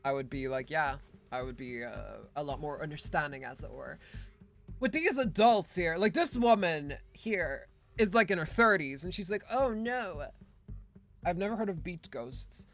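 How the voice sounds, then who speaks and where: A woman's voice: low-pitched, lively intonation, moderate pace, soft background music. A woman streaming a video game, giving casual, sarcastic commentary that rambles with lots of "like" and "um". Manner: sarcastic, rambling, full of fillers like "like" and "um".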